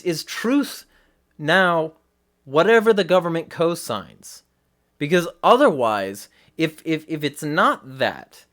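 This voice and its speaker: A man's voice: fairly high pitch, fairly bright tone. A man hosting a livestream, giving blunt, profane commentary and often restarting mid-sentence. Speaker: host.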